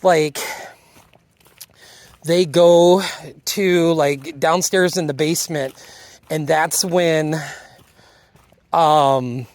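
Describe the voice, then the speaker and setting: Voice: medium pitch, steady tone, drawn-out words, pauses often, darkish tone, dry recording. A casual speaker loosely retelling a TV episode, acting out the characters' lines and sometimes losing the thread. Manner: drifts and loses the thread. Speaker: video reviewer. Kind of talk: casual spoken episode recap.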